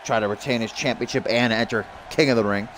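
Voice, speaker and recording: A man doing excitable play-by-play for a wrestling video game stream, laughing at the action and reading viewer tweets. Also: mid-range voice, quick pace, some chatter behind, slight background noise.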